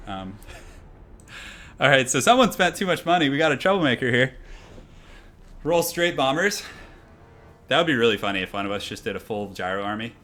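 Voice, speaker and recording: A man's voice: mid-range voice, animated, fast talker, sharp tone, soft background music. Laid-back young male game streamer. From half Irish heritage. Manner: laid-back, rambling, lots of fillers. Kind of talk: casual live-stream commentary.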